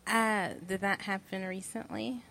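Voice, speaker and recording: A woman's voice: mid-range voice, fairly even intonation, measured pace, gravelly, a bit bright. A woman from the chat room joining a casual talk show, hesitant and self-deprecating.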